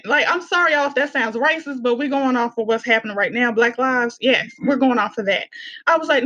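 Animated woman. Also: high voice, moderate pace, no echo. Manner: animated storyteller, laughs often. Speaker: guest. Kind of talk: casual podcast chat. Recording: dull lo-fi sound.

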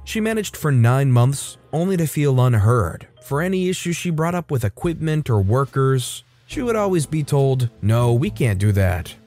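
A man reading a Reddit story aloud as a narrator, steady and storytelling. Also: on the high side, moderate pace, hardly any pauses, soft background music.

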